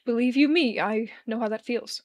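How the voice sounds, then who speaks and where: A woman voicing a kindly, composed man who speaks gently and reassuringly. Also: fairly high pitch, moderate pace, natural voice. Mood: soothing.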